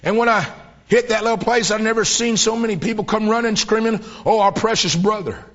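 A man preaching a sermon, telling a vision with mounting fervor and bursts of shouted praise. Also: high voice, fairly even intonation, a little fast. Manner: fervent storytelling, voice rising to shouts of praise. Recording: dull lo-fi old tape.

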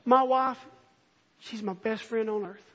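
Male preacher, very high and bright tone, earnest sermon delivery, lo-fi sound. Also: steady tone, a little slow. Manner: earnest, swells from soft reading to impassioned near-shouting. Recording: dull lo-fi recording.

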